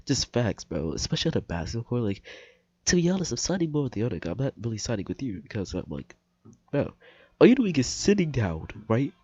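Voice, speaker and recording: A man's voice: mid-range voice, big pitch swings, fast talker, a little mellow, slightly rough, no room sound. A young man giving blunt, mocking reaction commentary and swearing freely. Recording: dull lo-fi mic.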